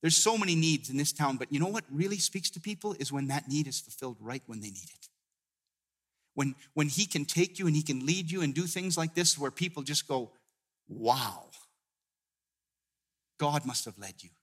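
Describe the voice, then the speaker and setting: A middle-aged man, a guest pastor, preaching a sermon as a personal story, stumbling over restarts and dropping his voice low in tender moments. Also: fairly quick. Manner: storytelling, many restarts, drops to a hushed tone in emotional moments.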